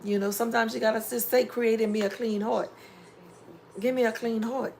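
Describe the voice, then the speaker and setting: A middle-aged woman vlogger chatting casually on a live stream, reading viewer comments and giving preachy, animated life advice. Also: on the high side, moderate pace, creaky, slight background noise. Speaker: home DIY vlogger.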